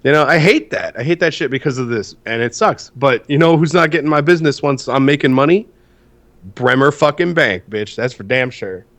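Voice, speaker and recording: Congested male co-host, profane and animated. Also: mid-range voice, brisk. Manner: profane, ranting, animated storytelling. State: congested from sinus issues. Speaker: podcast co-host. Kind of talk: casual podcast chat.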